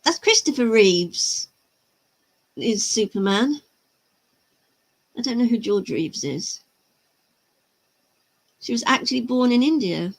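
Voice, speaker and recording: A woman's voice: a little high, lively intonation, takes it slowly, pauses often. A woman hosting a miniature-painting livestream, chatting casually, laughing easily and answering chat comments. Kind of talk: casual live-stream chat.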